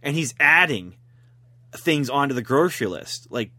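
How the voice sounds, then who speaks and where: A man's voice: mid-range voice, lively intonation, moderate pace, bright, forceful tone, no room sound. A man rambling through a story in casual chat as a podcast host, laughing at his own jokes.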